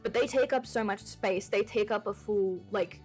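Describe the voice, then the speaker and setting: A woman's voice: mid-range voice, moderate pace. A young woman talking through a game build in a chatty, bubbly, self-mocking voice-over from her desk at home. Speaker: gaming YouTuber. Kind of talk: casual gameplay voice-over. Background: soft background music.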